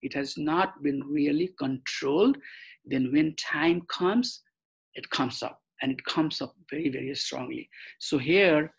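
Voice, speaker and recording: A man giving an online scripture class, halting, with many fillers and restarts. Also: a little high, vocal fry, breathy edge, poor audio. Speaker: scripture study teacher. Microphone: computer mic on a video call.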